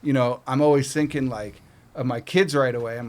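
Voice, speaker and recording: A Canadian guest, middle-aged, recounts a story in a fairly quick, mid-range voice. The telling is casual, animated and profane, with plenty of acted-out quotes.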